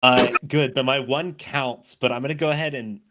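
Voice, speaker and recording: A man's voice: mid-range voice, steady tone, normal speed, heavy background noise. A man playing in a tabletop game, joking and reacting to dice rolls. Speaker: player. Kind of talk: casual tabletop game chat.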